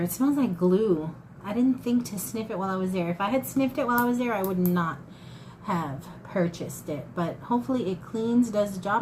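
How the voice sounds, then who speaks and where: A woman's voice: medium pitch, slight background noise, rough recording. A woman in her fifties chatting casually to viewers about her thrift haul, folksy and talkative. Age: 50s. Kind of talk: casual haul chat to camera.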